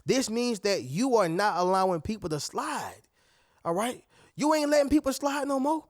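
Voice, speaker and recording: A man's voice: lively intonation, moderate pace, no echo, studio quality. A man hosting a motivational video, talking emphatically to his viewers and often acting out what other people would say. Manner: emphatic, preachy, addresses viewers as "y'all" and "family"; acts out other people's lines in a higher voice. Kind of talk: motivational talk to camera.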